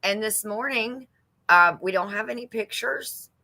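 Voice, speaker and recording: Woman co-host of a live craft chat, unhurried delivery, bright voice, dry close sound. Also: mid-range voice, gravelly, no room sound. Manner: laughs often, reads out viewer comments. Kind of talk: casual live-stream chat with viewers.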